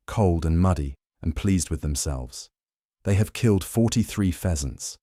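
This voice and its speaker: A man narrating a history story for sleep in a calm, slow, soothing scripted style. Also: deep voice, dry recording, studio quality.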